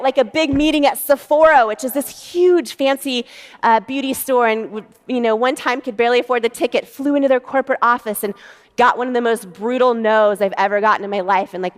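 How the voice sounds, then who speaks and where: Animated woman in a reverberant hall. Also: on the high side. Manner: animated storytelling, acts out quotes, frequent fillers. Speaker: speaker telling her founder story. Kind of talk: motivational talk.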